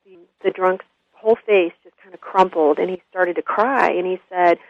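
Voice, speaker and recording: A woman guest telling a story in an earnest, animated interview. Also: fairly low pitch, moderate pace, no echo. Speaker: guest, school consultant. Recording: dull lo-fi radio audio.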